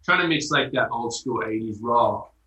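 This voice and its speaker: An Australian man, a band member guest, talking in a relaxed way with lots of "like" fillers. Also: mid-range voice, moderate pace, roomy sound, recorded from a distance, poor audio. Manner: relaxed, uses many fillers like "like". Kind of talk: casual interview chat.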